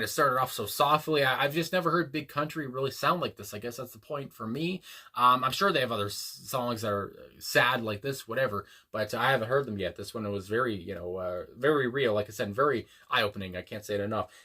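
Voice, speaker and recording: Male reaction host, mid-pitched and bright, earnest and rambling with lots of ums. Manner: rambling, hesitant, many fillers and restarts; earnest and reflective. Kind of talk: casual spoken reaction.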